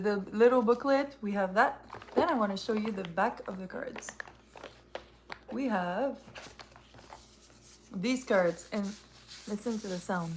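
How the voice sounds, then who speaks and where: A woman's voice: mid-range voice, slight background noise. Chatty woman streaming. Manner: chatty and rambling, reacting to viewer comments. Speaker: live streamer reviewing a tarot deck. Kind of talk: casual live-stream chat.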